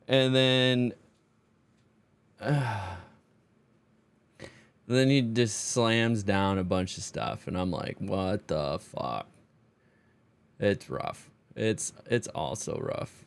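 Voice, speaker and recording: A man's voice: on the low side, extremely slow, long pauses, smooth. A man streamer doing voice-over commentary on his card game play, self-mocking and exasperated, swearing freely.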